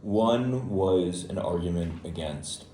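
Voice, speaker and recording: A man with a very deep, mellow voice answers the teacher from the class. The room is echoey and carries faint noise. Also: expressive, slow. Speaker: student.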